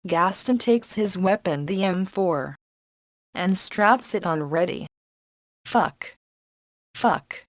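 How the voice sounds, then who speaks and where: A woman narrating a scripted story in an even, measured reading. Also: fairly low pitch, no echo.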